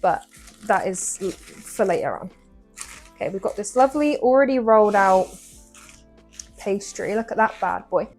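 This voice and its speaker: A young English woman chats with her viewers while baking in her home kitchen, quick to poke fun at herself. Her expressive voice sits at an ordinary middle pitch, and soft music plays faintly behind her.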